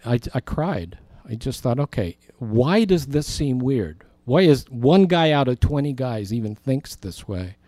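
A middle-aged male pastor delivers a sermon, telling a story with animated delivery and putting on voices for the people in it. His voice sits at an ordinary pitch for a man. The sound is close and dry, with no room echo. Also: measured pace, few pauses.

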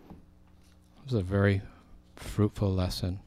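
Slow and lowish in voice, a middle-aged man preaches a sermon as a pastor. He tells a story with animation, performing the voices of those he quotes.

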